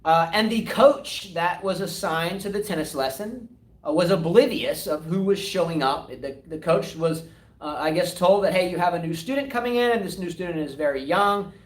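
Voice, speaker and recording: Man, high voice, animated, argumentative, live-stream co-host, distant mic, roomy echo. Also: moderate pace. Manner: animated, argumentative, rhetorical questions. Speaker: co-host of live tennis talk show. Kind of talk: casual live-stream discussion. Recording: echoey room, voice away from mic.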